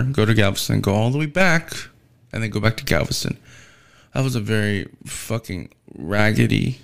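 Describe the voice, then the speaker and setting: A man's voice: lowish voice, expressive, moderate pace, creaky. A man working as a delivery driver tells a casual, rambling storytime rant, swearing heavily and sounding weary and fed up. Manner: profane and rambling, heavy swearing.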